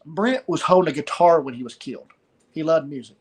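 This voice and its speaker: A middle-aged man with a somewhat high voice tells a personal story of loss. He speaks haltingly, pausing often and starting phrases over. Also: animated, husky. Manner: halting, pauses and repeats words. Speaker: guest sharing a story of loss.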